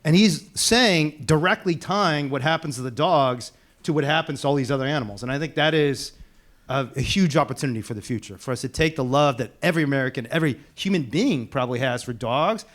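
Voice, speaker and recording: A man speaking on a panel as an animal rights activist, animated and laughing as he tells stories. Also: on the high side. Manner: animated, fast, laughing storyteller. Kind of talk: casual panel talk.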